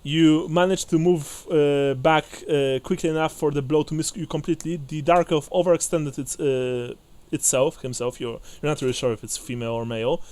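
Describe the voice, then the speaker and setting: A man narrating as game master of a tabletop game, hesitant with many fillers and restarts, often breaking into quick laughs. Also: fairly high pitch, fairly even intonation, darkish tone.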